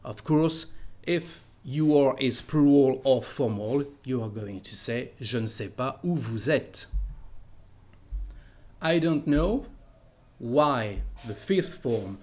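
A man teaching a language lesson, patiently repeating each phrase slowly and then fluently. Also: a little high. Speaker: French teacher.

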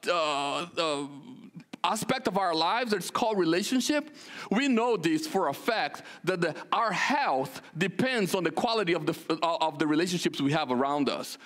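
Animated pastor, high voice. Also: male voice, moderate pace. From Brazil. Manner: animated, joking storyteller with many restarts. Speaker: senior pastor. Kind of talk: casual sermon announcements.

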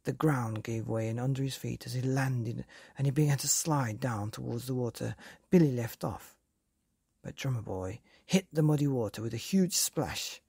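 A woman reading a bedtime story aloud in a calm, even way, with a gravelly, husky voice. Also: a bass voice, moderate pace, no room sound, clean studio sound.

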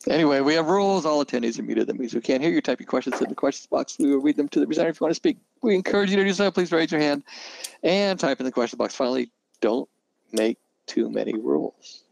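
A male webinar host with a gravelly, fry-edged voice, recorded close and dry with no room sound. He banters in a deadpan way, then runs through announcements in a casual tone. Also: a little high, quick pace, no echo, low-quality recording. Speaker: host of a programming webinar show. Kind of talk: casual chat, reading house rules.

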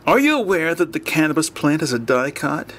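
A man's voice: a little high, big pitch swings, brisk, fairly bright tone, pitched above the performer's own voice. Guy doing a mild polite monster dude, thoughtful, audiobook. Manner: mild, courteous.

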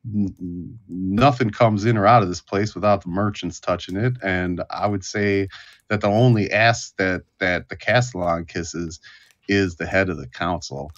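Man doing a folksy old tavern storyteller, hesitant drawl, low and quiet. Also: moderate pace, lo-fi sound, lightly acted. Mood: evasive.

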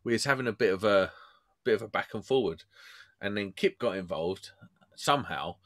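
A man's voice: fairly low pitch, animated, moderate pace. A man, co-hosting a podcast and ribbing his co-hosts with playful jabs. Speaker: podcast co-host. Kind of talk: casual podcast banter.

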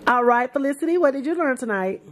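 A woman's voice: high voice, animated, fast talker, echoey room, slight background noise. Chatty woman in her forties, vlogging. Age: 40s. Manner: chatty, thinking out loud. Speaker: vlogger and video call host. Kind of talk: casual vlog chat.

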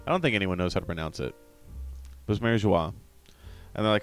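A man co-hosting a casual podcast, recapping a comic chapter in a quick, stumbling chat. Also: deep voice, lively intonation, clear, resonant tone, faint music behind. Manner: rapid recapping with stumbling restarts.

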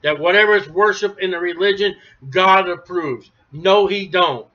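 A man preaching a sermon, emphatic, rising to near shouts then dropping low. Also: normal speed. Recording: dull lo-fi recording.

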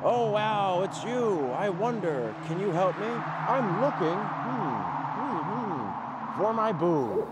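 A man's voice: high-pitched, very animated, slow pace, heavy background noise, exaggerated voice. A man voicing a scared little girl ghost in a storybook, pleading and breathless as she searches. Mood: hopeful.

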